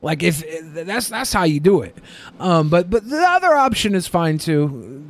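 A man's voice: high voice, sing-song, measured pace, no echo. A man co-hosting a podcast in casual banter, crude and jokey, often laughing. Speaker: podcast co-host.

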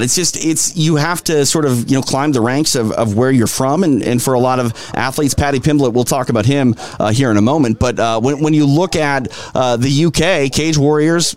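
A man with a Minnesotan accent co-hosting a casual sports podcast, rambling through fillers and restarts. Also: mid-range voice. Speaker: podcast co-host.

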